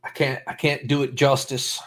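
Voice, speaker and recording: A man's voice: medium pitch, monotone, normal speed, a little hiss or hum. Rambling self-deprecating man in his fifties. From Rhode Island, USA. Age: 50s. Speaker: livestream host. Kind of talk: casual livestream chat.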